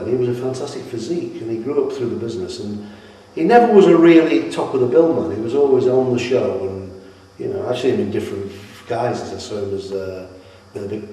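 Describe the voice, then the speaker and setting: Middle-aged man, rambling storyteller. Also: lowish voice. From Britain. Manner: rambling, animated, with many restarts. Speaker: retired wrestler interviewee. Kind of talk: anecdotal interview storytelling. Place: at his home. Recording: echoey room, mic at a distance.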